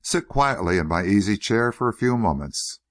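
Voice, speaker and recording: A smooth, purring older gentleman with a quiet scheming edge, as a man reads him, low in tone but swinging freely up and down. Every line carries polite, faintly mocking warmth. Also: lively intonation, normal speed, natural voice. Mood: silky. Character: suave, silkily solicitous older gentleman schemer.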